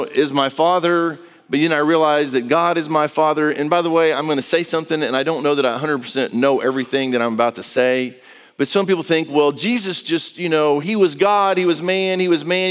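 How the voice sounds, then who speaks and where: A man's voice: on the high side, clear, resonant tone, long reverb tail. A man preaching a sermon in a conversational, earnest way, acting out the quotes he reads. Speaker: pastor.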